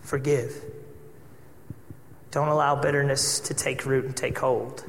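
A man preaching a sermon as pastor, telling a personal story with lively acted-out dialogue. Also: medium pitch, measured pace, vocal fry, a little hiss or hum. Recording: echoey hall with long reverb.

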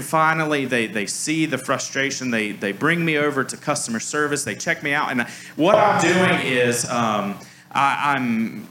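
A man's voice: medium pitch, pushed and bright, a little hiss or hum. A man preaching a conversational sermon, telling stories in a casual way with lots of "like" fillers and self-deprecating humor. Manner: casual storytelling, frequent "like" fillers. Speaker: pastor.

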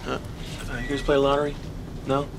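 John McClane, an actor playing a fast-talking tough cop. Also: male voice, medium pitch, monotone, natural voice. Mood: bluffing. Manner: fast chatty bluffing that breaks into shouted commands. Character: wisecracking tough New York cop, middle-aged man. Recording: film clip with street and traffic noise.

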